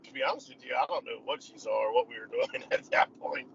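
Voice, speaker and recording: A man's voice: medium pitch, fast talker, gravelly, a bit bright. A man telling a story in casual chat, rambling and often laughing. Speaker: guest. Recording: slightly dull lo-fi sound, faint noise.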